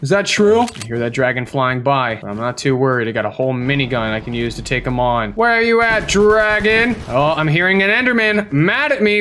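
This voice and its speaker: A young man hosting a gaming channel, giving excitable, playful, kid-friendly commentary on his Minecraft gameplay and taunting the enemies as he fights. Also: mid-range voice, a little fast, hardly any pauses, slight background noise.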